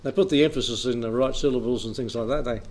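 A man's voice: medium pitch, fast talker, a little mellow, a little hiss or hum. A man preaching a Bible teaching in an easy, conversational way, reading scripture aloud and chuckling now and then.

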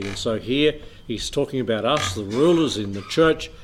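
Man, preacher, sermon, conversational, chuckles lightly, mid-pitched voice. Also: moderate pace, few pauses. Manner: plain conversational preaching with small chuckles, reading old-style scripture aloud. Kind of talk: sermon, Bible teaching.

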